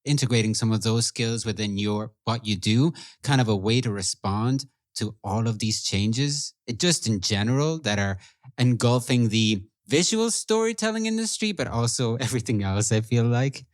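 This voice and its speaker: A man's voice: mid-range voice, expressive, normal speed. A man, raised in Ireland, hosting a panel conversation with chatty, joking, rambling questions. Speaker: host, interviewer.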